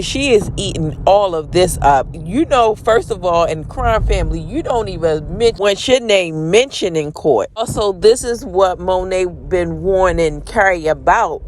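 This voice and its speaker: A woman giving a casual, slangy recap of a TV drama episode and reacting loudly to the scenes. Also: fairly low pitch, slight background noise. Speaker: TV recap commentator.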